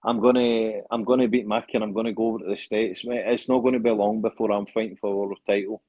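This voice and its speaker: A man's voice: on the low side, level tone, quick pace, no echo, muffled recording. A Scottish man, a fighter being interviewed, talking in a boastful, joking way and swearing a lot. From Scotland. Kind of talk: casual interview chat.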